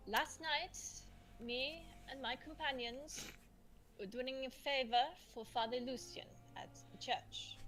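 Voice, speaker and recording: A woman's voice: a little high, fairly bright tone, low-quality recording. A woman playing her character in a tabletop game, speaking in an earnest, defensive way. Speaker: player.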